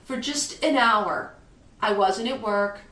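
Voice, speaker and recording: A woman co-hosting a podcast in casual chat, jokey and animated, acting out little stories. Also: mid-range voice, takes it slowly, roomy sound, slight background noise. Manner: animated, jokey, tells stories with acted-out quotes. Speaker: podcast co-host.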